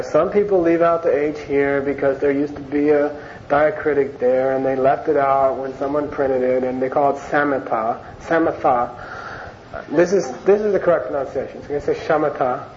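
A man's voice: mid-range voice, fairly even intonation, fairly quick, a little mellow. A man teaching an informal Buddhist class in a conversational way, often repeating words and phrases for emphasis. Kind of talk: informal Dharma class lecture. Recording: dull lo-fi recording with faint hiss.

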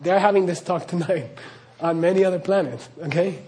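Speaking fairly quickly in a high, mellow voice, a male spiritual teacher gives a heartfelt talk to a crowd. He frequently checks in with "okay?" and laughs as he tells stories.

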